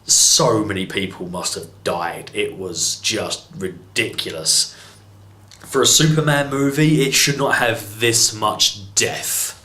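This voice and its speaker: A man's voice: on the low side, takes it slowly, pushed and bright, echoey room. An English man reviewing a film in an exasperated, sarcastic rant, swearing freely. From England. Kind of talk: ranting movie review.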